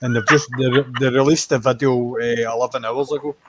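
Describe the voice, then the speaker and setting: A man chimes in with news he has just read, stumbling and restarting as he goes. He speaks at an ordinary, middling pitch, with faint noise and clicks behind him. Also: fairly even intonation. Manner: halting, full of "uh" and restarts. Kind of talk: casual chat on a live stream.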